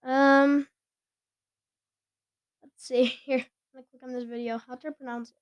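Woman host, high voice, casual and giggly, often fumbles words, dry close sound. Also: level tone, moderate pace, clean tone, no echo. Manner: chatty, giggly, stumbles over names. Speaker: podcast host. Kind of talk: casual sports chat.

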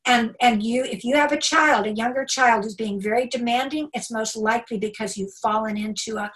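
A woman giving a live talk to parents, animated and emphatic, acting out little quoted remarks. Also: fairly high pitch, fairly quick, few pauses, recorded from a distance, poor audio. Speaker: homeschool workshop speaker.

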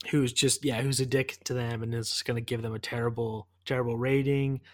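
Podcast co-host, man, mid pitch, dry close recording, loose recap. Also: level tone, a little fast, no room sound. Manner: recaps with many fillers. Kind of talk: casual chat.

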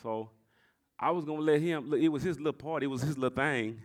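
A male pastor preaching a sermon in a church, telling a story and repeating phrases as he builds to shouts. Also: on the high side, fast talker.

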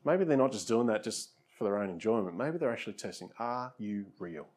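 A man's voice: on the low side, animated, fairly quick, darkish tone. Conversational male pastor preaching. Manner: conversational, repeats words, frequent "you know" and "Lord God". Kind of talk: sermon with closing prayer.

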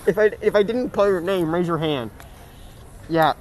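Guy hosting a podcast, rambly jokes, kinda high voice. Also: slight background noise. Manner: jokey, rambling, quick to laugh. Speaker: podcast host. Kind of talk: casual chat.

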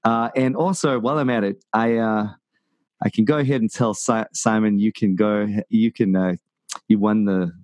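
A man's voice: fairly low pitch, steady tone, normal speed, a little mellow, no room sound. A man hosting a casual podcast chat, rambling and jokey, full of ums and restarts. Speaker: podcast host.

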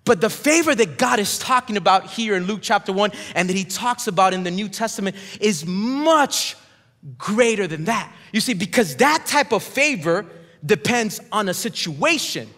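A man preaching a sermon in a high, ringing voice, with a long reverb trailing off every phrase. He leads the congregation in call-and-response and swings from shouted declarations down to near-whispered drops. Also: lively intonation, normal speed. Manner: emphatic, swings between shouts and hushed drops. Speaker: pastor. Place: church sanctuary.

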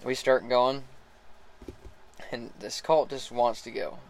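A man casually telling a story about riding a young horse, relaxed, laughing often and restarting his sentences. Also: medium pitch, slow pace, gravelly, slight background noise, rough recording. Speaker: horse rider starting a young colt.

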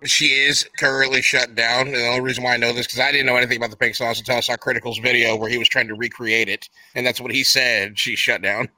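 A man's voice: mid-range voice, little pitch movement, fast, few pauses, sharp tone. A man from New England co-hosting a podcast, chatting casually and rambling with lots of fillers. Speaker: podcast co-host. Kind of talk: casual chat.

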